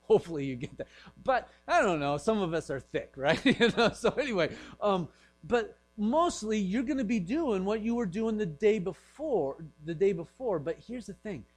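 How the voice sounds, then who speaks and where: A pastor giving a casual, joking sermon, dropping into quiet acted-out voices now and then, over a faint mains hum. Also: male voice, high-pitched, animated, normal speed, low-quality recording. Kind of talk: conversational sermon.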